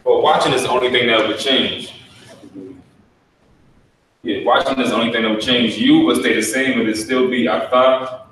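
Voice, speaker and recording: A man's voice: medium pitch, fairly even intonation, moderate pace, long pauses, fairly bright tone. A man helping teach a class, explaining things plainly, step by step. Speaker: assistant teacher. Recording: echoey room, far off, faint noise.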